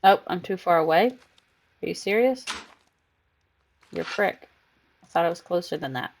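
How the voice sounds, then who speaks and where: A woman's voice: lowish voice, expressive, normal speed, slight background noise. A woman streaming a game live, chatting casually and cooing baby talk to her cat between comments on the game.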